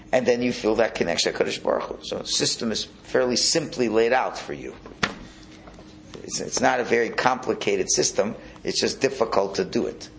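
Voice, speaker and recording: A man teaching a Hasidic Torah class, animated and prone to repeating words and restarting his phrases. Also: medium pitch, creaky, slight background noise. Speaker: religious teacher.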